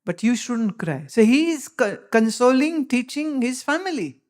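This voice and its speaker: A woman's voice: fairly high pitch, sing-song, normal speed, darkish tone. Emphatic Indian English woman teaching. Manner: emphatic, rhetorical questioning, lecturing. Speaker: spiritual teacher. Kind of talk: spiritual discourse to followers.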